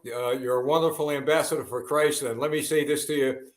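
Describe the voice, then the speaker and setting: Earnest halting broadcast host. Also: male voice, medium pitch, steady tone, reverberant. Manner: halting, many fillers and restarts, earnest. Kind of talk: live broadcast talk.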